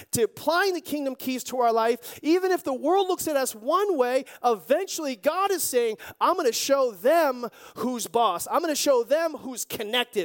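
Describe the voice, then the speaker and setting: A pastor preaching a sermon with lively storytelling and jokey asides. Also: high voice.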